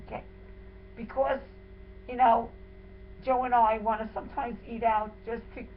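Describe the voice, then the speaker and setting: A woman's voice: on the high side, little pitch movement, moderate pace. Woman telling her story all worked up and outraged, sounds tinny like a phone line, faint hiss behind. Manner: indignant, dramatic retelling. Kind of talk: emotional first-person account.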